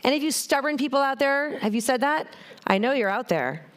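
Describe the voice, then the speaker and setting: A woman's voice: high-pitched, fairly quick. A middle-aged woman giving a motivational keynote talk on a conference stage, telling stories and speaking straight to the audience. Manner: animated, storytelling, addresses the audience directly.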